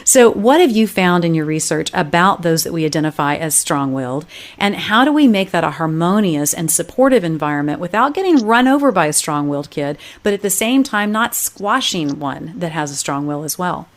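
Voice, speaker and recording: A woman hosting a podcast, asking a guest measured, thoughtful questions. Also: lowish voice, lively intonation. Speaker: podcast host. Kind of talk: podcast interview.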